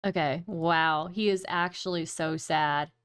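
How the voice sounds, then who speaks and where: A woman streamer giving excitable, mocking reaction commentary, laughing often and swearing casually. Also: low voice, a little slow, faint music behind.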